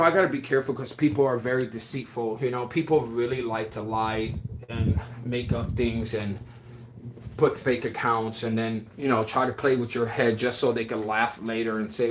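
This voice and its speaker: This livestream host talks at a moderate pace in a medium-pitched voice, chatting casually and warmly with viewers. He rambles and leans heavily on fillers as he responds to them.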